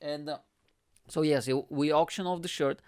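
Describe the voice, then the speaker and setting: Lively Eastern European man telling stories. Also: fairly high pitch, moderate pace, clear, resonant tone, dry recording, clean studio sound. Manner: animated, swears freely, acts out quotes. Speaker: podcast host. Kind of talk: casual storytelling.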